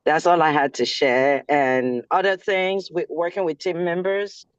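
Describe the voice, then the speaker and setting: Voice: medium pitch, steady tone, unhurried, clean tone, dry recording. A team leader on a group video call, sharing good news in an upbeat, emphatic way. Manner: upbeat, exclamatory, preachy. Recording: dull lo-fi call audio.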